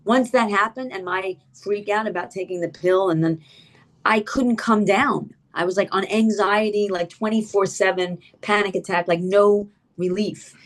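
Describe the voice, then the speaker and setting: A middle-aged woman telling a personal story as a guest in an interview, lively and animated, acting out quoted dialogue and using many "like" and "you know" fillers. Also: moderate pace. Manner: animated, acts out quoted dialogue with big pitch jumps.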